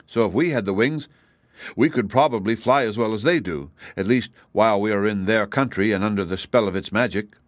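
A kindly old wizard explains things in a low, measured, patient voice, recorded close and dry for a storybook, as a man puts him on. He sounds steady and reassuring. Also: no echo, lightly acted. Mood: calm. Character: calm, kindly little old male wizard. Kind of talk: audiobook reading.

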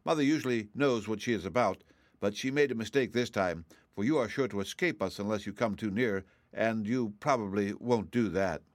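A man putting on a rasping, haughty dragonette. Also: on the low side, moderate pace, dry recording, natural voice. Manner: formal, haughty, drawling. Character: young dragonette, sixty-six, proud and polite, hungry. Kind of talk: audiobook reading.

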